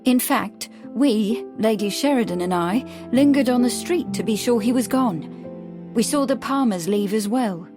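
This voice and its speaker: A woman voicing an earnest, easily upset young Victorian woman who speaks high and breathless. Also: lively intonation, normal speed, over music, close to an everyday voice. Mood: lofty.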